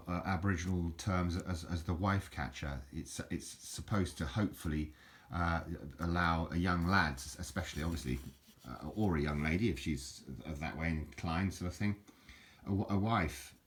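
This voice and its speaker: Deep-voiced man rambling on camera. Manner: halting, many restarts and fillers, self-mocking jokes with chuckles; drops into mock Aussie slang for fun. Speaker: video host showing an object. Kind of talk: casual rambling show-and-tell. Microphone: handheld camera, filming one-handed.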